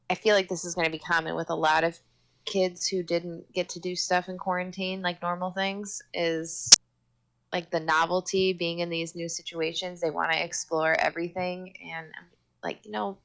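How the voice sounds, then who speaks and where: Chatty young woman, low voice. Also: a bit bright. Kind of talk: casual chat.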